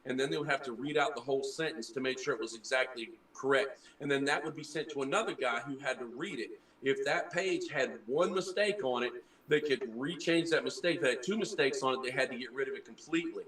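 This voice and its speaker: A man's voice: mid-range voice, fast, fairly bright tone, echoey room, recorded from a distance, low-quality recording. A man who trained as a preacher, earnestly explaining things in a casual group chat and often restarting his words. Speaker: former preacher.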